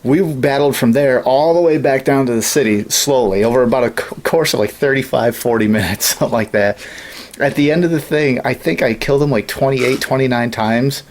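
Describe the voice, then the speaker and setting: A man's voice: mid-range voice, fairly quick. A man in casual studio chat, telling long gaming stories with lots of swearing and laughter. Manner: rambling storyteller, swears often, laughs at his own stories. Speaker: podcast co-host.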